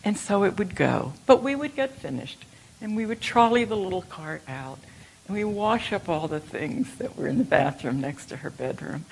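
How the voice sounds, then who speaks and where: An older woman giving a reflective Buddhist dharma talk, telling stories gently. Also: fairly low pitch, animated, vocal fry, husky, rough recording. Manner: slow, reflective, gentle storytelling. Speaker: Buddhist teacher.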